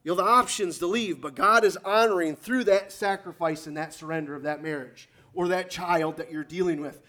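A man's voice: sits high, normal speed, bright, forceful tone. A man preaching a sermon with fervour, pushing to emphatic peaks and calling out to the congregation for an amen. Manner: fervent, rising to emphatic peaks, calls for amen.

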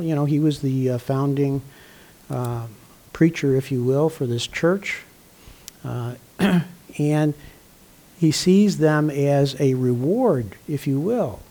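An older man, a pastor, delivering a conversational sermon with frequent throat clearing and fillers. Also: mid-range voice, slow, dark tone.

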